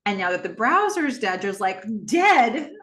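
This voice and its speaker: A woman hosting a podcast, casually recapping a TV episode and acting out the characters' lines with quick laughs. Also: medium pitch, big pitch swings, sharp tone. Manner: chatty, laughs often, jumps into character voices. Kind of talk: casual recap with acted-out quotes. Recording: echoey room.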